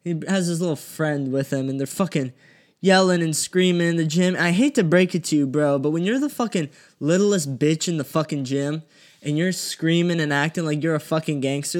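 A man's voice: fairly high pitch, expressive, normal speed. A young man hosting a casual solo podcast, talking bluntly and swearing freely as he rants. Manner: profane, blunt and heated. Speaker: podcast host. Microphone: studio podcast mic.

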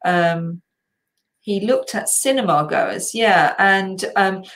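A middle-aged woman hosts a casual live chat. She rambles along with plenty of ums and restarts. Her voice sits at an ordinary pitch for a woman. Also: slow pace. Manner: chatty, rambling, with fillers and self-corrections. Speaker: host.

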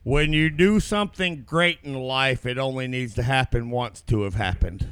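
Bright, crisp-voiced man swearing casually. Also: mid-range voice, normal speed, no room sound. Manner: profane, rambling, stammering restarts. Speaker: podcast co-host. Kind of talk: casual chat.

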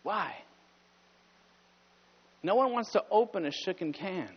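A man preaching a conversational sermon as pastor, climbing higher and louder when he presses a point. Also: animated, slow pace, husky. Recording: dull sound with long hall reverb.

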